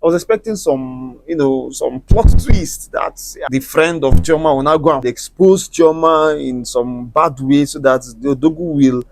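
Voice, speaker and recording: A man's voice: a little high, moderate pace, few pauses. A Nigerian man with an Igbo accent, a native Igbo speaker, chatting in a casual, opinionated movie review and lecturing the listener with conversational tags.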